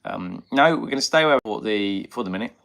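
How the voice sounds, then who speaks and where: This channel host, a middle-aged man with a light Birmingham accent, chats casually on a live stream from a small alcove in his home using a headphone mic. His fairly low voice is gravelly and fairly bright, animated and a touch fast. He meanders through viewer comments, reading them aloud and peppering everything with ums.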